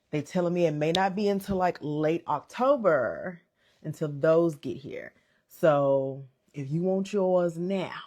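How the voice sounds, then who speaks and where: A woman's voice: deep voice, darkish tone. A young woman chatting casually to her viewers on a livestream, calling them y'all and sis. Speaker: content creator going live.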